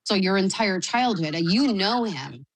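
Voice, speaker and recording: A woman reporter narrating a news report with a measured, even delivery. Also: medium pitch, slightly rough, no room sound.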